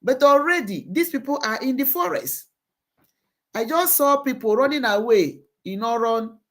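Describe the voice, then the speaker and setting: A woman's voice: sits high, lively intonation, normal speed, fairly bright tone. A woman hosting a live online show, giving impassioned commentary and repeating phrases for emphasis.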